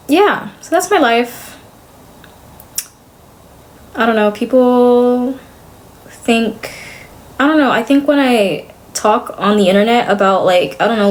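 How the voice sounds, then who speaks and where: A young adult woman streamer chatting casually to her viewers, blunt and sarcastic, swearing freely. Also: mid-range voice.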